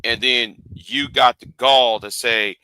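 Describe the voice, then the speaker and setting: A man's voice: medium pitch, steady tone, slow pace, sharp tone, clear, resonant tone, no echo. A man hosting a livestream rant, lecturing his viewers and often repeating and restarting his phrases. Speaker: livestream host.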